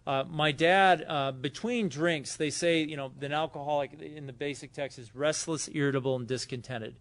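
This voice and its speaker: Man with a Southern California accent, a little high-pitched, tells a loose, rambling recovery story at a meeting. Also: normal speed. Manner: loose, rambling, acts out quotes loudly. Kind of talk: personal story told to a meeting. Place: hotel meeting room.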